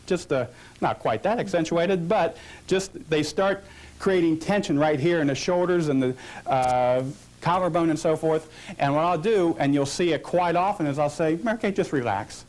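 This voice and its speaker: A man's voice: fairly high pitch, moderate pace, darkish tone. A man teaching a portrait photography lesson, asking questions and answering them, coaching a model through poses. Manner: explains with rhetorical questions, coaching a posing model. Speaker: photography instructor. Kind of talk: instructional demonstration.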